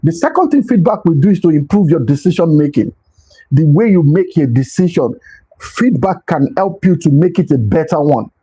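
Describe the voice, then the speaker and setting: A man's voice: fairly high pitch, expressive, normal speed, dark tone, slightly rough, poor audio. A man giving a motivational leadership talk, earnest and repetitive, sometimes pleading with his listeners. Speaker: leadership speaker.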